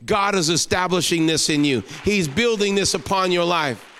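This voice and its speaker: A guest pastor preaching an emotional sermon, rising to exclamations and then falling soft into prayer. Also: male voice, high voice, moderate pace, in a large hall, slight background noise.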